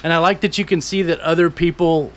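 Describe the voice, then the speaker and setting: A man co-hosting a casual podcast, ranting with lots of swearing, swinging from grumbling to shouting. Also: a little high, steady tone, fast. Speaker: podcast co-host. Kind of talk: casual chat. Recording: dull lo-fi podcast audio.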